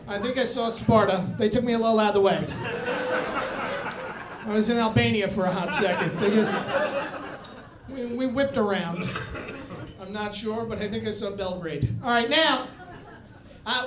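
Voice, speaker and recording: A man from the United States performing a stand-up comedy set, with an animated, punchy delivery and shouted impressions of his father. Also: extremely high pitch. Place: comedy club stage with live audience. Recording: echoey club with crowd laughter.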